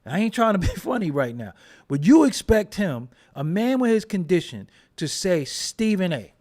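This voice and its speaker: A man's voice: sits high, very animated, moderate pace, a little mellow. A man hosting a casual commentary show, joking and riffing in slangy with frequent laughs. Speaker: host.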